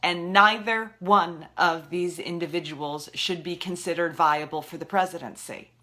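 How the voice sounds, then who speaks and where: A political video blogger rants about politics, frustrated and heated, often stumbling and restarting her words. Her voice is on the low side, pushed and bright, with a steady tone and an unhurried pace. It's an impassioned, exasperated rant.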